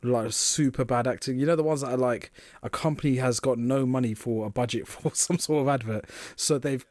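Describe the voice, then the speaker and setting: A man co-hosting a podcast in casual chat, excitable, laughing often and swearing casually. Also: mid-range voice, a little fast, no room sound. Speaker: podcast co-host.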